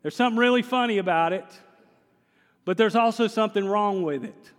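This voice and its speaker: A male pastor, preaching a sermon with humor and animated storytelling and putting questions to his congregation. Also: high voice, fairly quick. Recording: long hall reverb.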